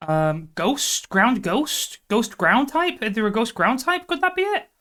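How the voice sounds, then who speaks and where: A woman's voice: fairly high pitch, animated, a little slow, fairly bright tone. A woman streaming live, thinking aloud through a guessing game and breaking into exasperated outbursts. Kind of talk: live stream chat while gaming.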